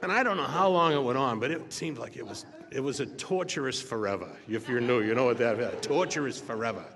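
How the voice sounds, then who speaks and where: An older man speaking at a recovery meeting, telling his own story in a halting, joking way. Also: mid-range voice, crowd noise. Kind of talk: personal recovery testimony. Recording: echoey hall, faint room noise.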